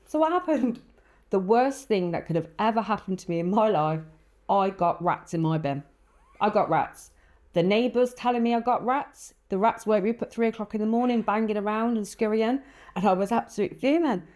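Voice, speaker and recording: A woman co-hosting a podcast, chatting casually and telling an animated story with acted-out quotes and frequent laughter. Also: mid-range voice. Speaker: podcast co-host. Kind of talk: casual chat.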